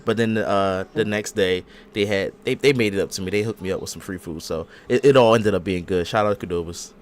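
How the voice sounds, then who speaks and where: A man's voice: low-pitched, a little fast, slight background noise. A man hosting a casual gaming podcast, telling stories in a laid-back, slangy way. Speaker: podcast host.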